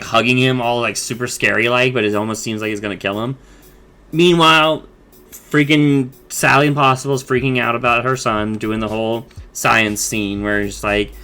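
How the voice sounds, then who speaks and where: A man's voice: mid-range voice, sharp tone. A man casually recapping a cartoon episode, rambling and swearing as he tells it. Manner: rambling, profane, quick retelling with acted quotes. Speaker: show recap vlogger.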